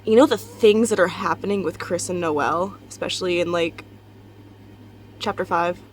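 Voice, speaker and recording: In her bedroom at home, a young woman who has only just rolled out of bed records a casual confessional vlog, rambling frankly and laughing and swearing often. Her voice sits on the low side at a normal speed, and there's a little hiss or hum.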